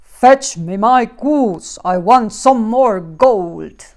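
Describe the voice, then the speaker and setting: A woman bellowing as a booming storybook giant. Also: animated, heavily acted. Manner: bellowing, slow and loud. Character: booming bad-tempered giant man.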